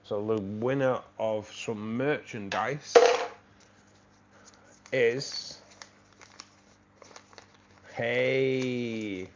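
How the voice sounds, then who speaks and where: A man's voice: mid-range voice, a little slow. A man hosting a live stream, chatting casually and thanking viewers by name. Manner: chatty, thanking viewers by name, laughs at his own jokes. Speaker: livestream host. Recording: slightly dull stream audio with faint noise.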